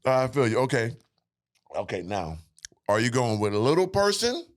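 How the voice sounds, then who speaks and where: A man's voice: medium pitch, very animated, moderate pace. A young man, hosting a crude, joking podcast chat. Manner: joking, profane, puts on silly voices. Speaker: podcast host. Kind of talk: crude casual banter.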